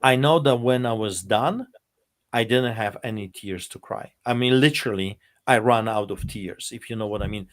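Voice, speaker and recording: A man's voice: on the low side, moderate pace. Man telling an emotional personal testimony. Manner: emotional storytelling, speaking to his son. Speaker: pastor.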